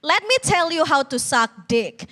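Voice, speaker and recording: High, lively woman doing stand-up. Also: unhurried, noisy background. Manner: bold, teasing, self-mocking delivery. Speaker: stand-up comedian. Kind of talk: stand-up comedy routine. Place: TV competition stage.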